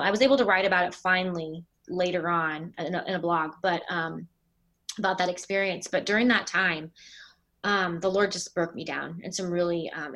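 A middle-aged woman who is a pastor tells a personal story in a casual interview, her voice on the low side. When she quotes people, she gives them animated voices.

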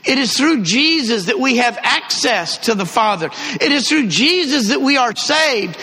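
A man preaching a sermon, telling a travel story with lively emphasis and repeated phrases. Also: extremely high pitch, normal speed. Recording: long hall reverb.

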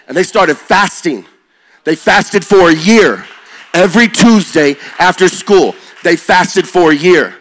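A middle-aged man preaches as a youth pastor, his slightly high voice telling a story. He drops to hushed lines and then rises to excited shouts. The delivery is loose and conversational, full of energy. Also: measured pace.

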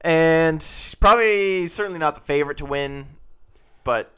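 A man's voice: fairly high pitch, normal speed, bright, forceful tone, smooth. A man co-hosting a casual film podcast, wry and playful, ribbing his partner while discussing film picks. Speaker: podcast co-host.

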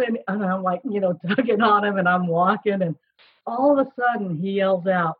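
A woman mentor with a husky, breathy voice, telling a story in an animated, casual way. Her voice comes through thin and tinny, like a phone call. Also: medium pitch, moderate pace. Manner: lively, laughing, animated retelling. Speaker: youth mentor.

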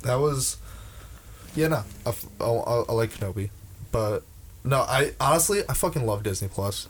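A young man venting in a casual chat, profane and heated, tripping over his words as he starts sentences again. His voice sits at an ordinary middle pitch. A faint hiss of noise runs under the recording. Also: expressive, normal speed. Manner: profane, ranting, with many restarts.

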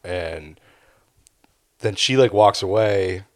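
A man with a fairly low voice tells a story over casual podcast chat. He acts out the people in it with plenty of swearing. The sound is dry and close, with no room echo. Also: slow. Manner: animated storyteller, acts out bar dialogue with profanity. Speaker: podcast co-host.

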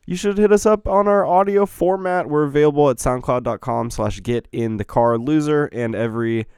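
A man's voice: on the high side, moderate pace, dark tone, smooth, no room sound, studio quality. A man hosting a casual podcast, joking loosely and swearing freely. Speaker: podcast host.

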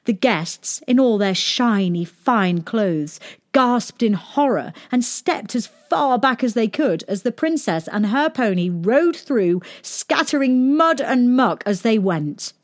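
With a voice on the high side and a slow pace, a woman reads aloud from a children's story. Her delivery is soft and expressive, in a storytelling style.

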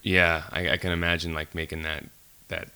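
Male podcast host, low voice, bright tone, chatty and joking. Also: level tone, clear, resonant tone. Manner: chatty, joking, quick to react. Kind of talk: casual podcast interview.

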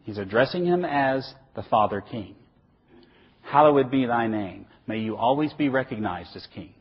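Middle-aged male preacher, husky voice, lively emphatic sermon delivery, dull lo-fi recording. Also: medium pitch, moderate pace. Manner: animated, emphatic, asks and answers his own questions. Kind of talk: sermon lecture.

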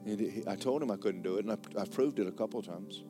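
A man's voice: fairly low pitch, quick pace, music in the background. A man preaching a sermon as pastor, folksy and joking, repeating words for effect.

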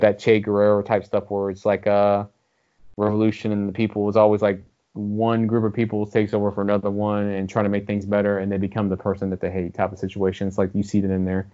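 Brief: fast, rambling male co-host, low voice, muffled recording. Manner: rambling, animated, swears freely. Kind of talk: casual gaming chat. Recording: dull lo-fi audio.

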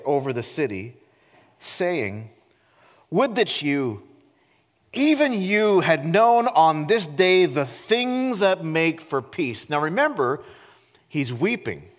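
A man preaching a sermon in a church sanctuary, his voice sitting fairly high for a man. He talks expressively and keeps asking the congregation questions. A long reverb hangs in the room around him. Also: very animated, slow pace. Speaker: pastor.

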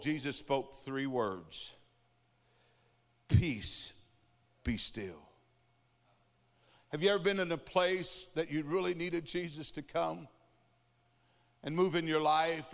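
A man's voice: on the high side, steady tone, normal speed, clear, resonant tone. Preacher man in a reverberant hall. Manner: emphatic, rhythmic preaching with repetitions. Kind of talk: sermon. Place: church sanctuary.

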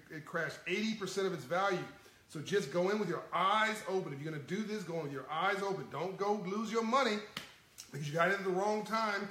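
High-voiced man chatting to his stream. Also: reverberant, rough recording. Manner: chuckling, animated, folksy. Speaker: livestream host. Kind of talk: casual livestream talk to viewers.

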